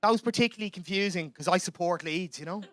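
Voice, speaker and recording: A man's voice: sits high, fast talker, a bit bright. A young Irish man doing a chatty, self-mocking stand-up comedy set in a club. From Ireland.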